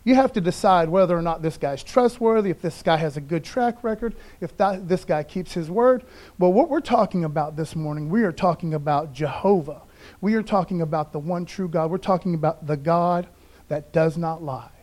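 A man's voice: a little high, normal speed, a little mellow. A man preaching a sermon as pastor, casual and conversational, reading scripture aloud and stumbling over names. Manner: casual, conversational preaching with frequent "okay, guys". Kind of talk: streamed Sunday sermon.

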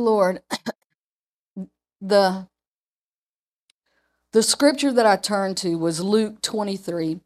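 A woman giving an informal sermon full of personal testimony, chatty and repeating herself with frequent restarts. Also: mid-range voice. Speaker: lay preacher.

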